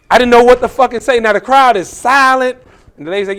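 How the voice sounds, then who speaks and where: A man, a comedian guest, telling profane, animated stories about comedy shows on a podcast. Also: very high voice, fast, smooth. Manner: profane, animated storytelling with acted quotes. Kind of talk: casual storytelling on a podcast.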